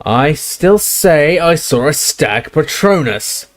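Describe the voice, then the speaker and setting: A man voicing suspicious, menacing dark-wizard henchmen who talk curtly. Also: medium pitch, expressive, takes it slowly. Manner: curt, threatening.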